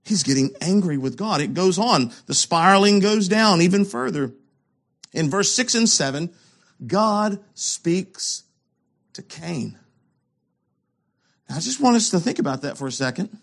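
A man preaching a sermon, asking rhetorical questions and swinging between loud emphasis and hushed lows. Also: animated, a little slow, vocal fry, pauses often.

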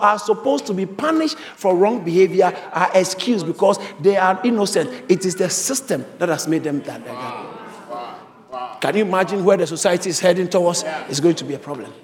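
Male pastor, high voice, emphatic sermon delivery with repeated phrases, reverberant church sound. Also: a little mellow. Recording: reverberant hall.

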